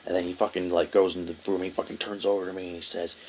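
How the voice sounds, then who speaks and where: A young man telling a painful personal story in a halting, profane, heavy-hearted monologue. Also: sits low, flat delivery, slight background noise, poor audio. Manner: halting, profane, full of restarts and fillers. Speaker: vlogger.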